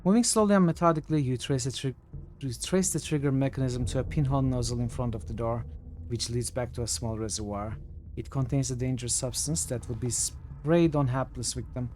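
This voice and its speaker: A man streaming a role-playing game, reading the game's narration aloud and thinking out loud between choices. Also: fairly quick, a little hiss or hum. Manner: thinks aloud, reads narration in a lower, quieter voice. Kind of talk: reading game text aloud and commenting casually.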